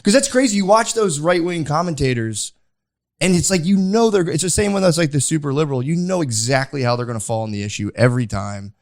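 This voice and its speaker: A man's voice: fairly high pitch, expressive, quick pace, no room sound, clean studio sound. A young man hosting a podcast, chatting casually and rambling with lots of filler words. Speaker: podcast host. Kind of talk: casual chat.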